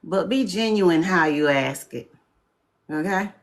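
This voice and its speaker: A woman's voice: fairly low pitch, lively intonation, slow. Blunt, scolding woman addressing viewers. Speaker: host presenting slides. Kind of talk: casual livestream talk.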